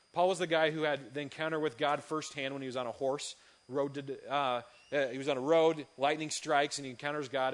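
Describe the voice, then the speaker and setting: A man, a youth pastor, giving a sermon full of lively, funny personal stories. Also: on the high side. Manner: lively storytelling, animated and humorous.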